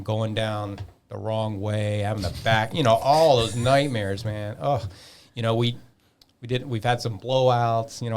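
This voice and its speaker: A man in his fifties with a low-pitched voice talks as a podcast guest, spinning an animated story. He swears freely and acts out the back-and-forth with other people himself. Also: slight background noise. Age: 50s. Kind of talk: casual storytelling.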